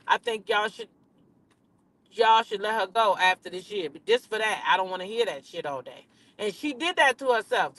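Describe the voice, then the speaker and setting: Woman commentator, AAVE, ranting in her car, blunt, foul-mouthed, animated. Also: a little high. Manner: blunt, profane, animated, talks back to chat. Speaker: reality TV commentator. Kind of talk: casual rant to viewers. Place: in a car at a drive-through.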